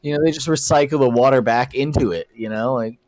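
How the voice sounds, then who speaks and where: A man's voice: mid-range voice, quick pace, darkish tone, dry recording, rough recording. A man co-hosting a podcast in casual debate chat, hesitant and often repeating his words. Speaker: podcast co-host.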